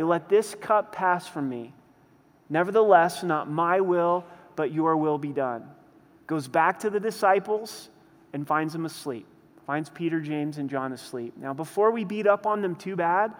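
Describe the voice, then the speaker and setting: A man preaching a sermon as a pastor, earnest, slowing and lifting his voice when he voices quoted prayers. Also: a little high, big-room sound.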